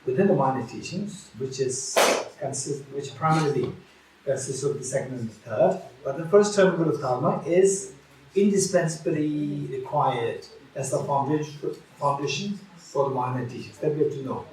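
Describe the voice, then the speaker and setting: Guy teaching buddhism at a retreat, kinda high voice, echoey room, mic a bit far. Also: normal speed, a little mellow, slight background noise. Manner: repeats key phrases, many restarts and fillers.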